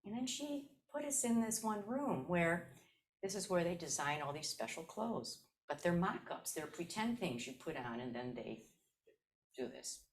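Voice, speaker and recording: A woman's voice: on the low side, big pitch swings, normal speed. A woman in her seventies from Chicago's South Side, a Zen teacher giving a dharma talk as personal storytelling and repeating her key phrases. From South Side of Chicago, USA. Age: 70s.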